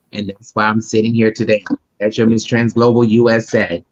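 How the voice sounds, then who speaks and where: A woman's voice: a bass voice, little pitch movement, a little fast, lo-fi sound. A trans woman, a podcast guest, telling heartfelt, faith-filled stories in casual conversation. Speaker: podcast guest, pageant titleholder.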